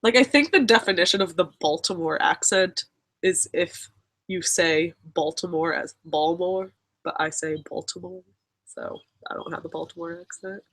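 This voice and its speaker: A woman's voice: on the low side, normal speed, a bit bright. A young woman from Maryland chatting casually with a friend, rambling and filling her talk with "like". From Maryland, USA. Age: young adult. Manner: chatty, rambling, fills speech with "like", laughs often. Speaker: guest friend. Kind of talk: casual chat. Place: home in Pennsylvania.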